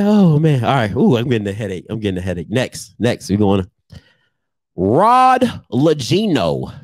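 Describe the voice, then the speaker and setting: A man's voice: medium pitch, huge pitch swings, normal speed, no room sound, clean studio sound. A man vlogging casual comedic roasts of his commenters, teasing and laughing often.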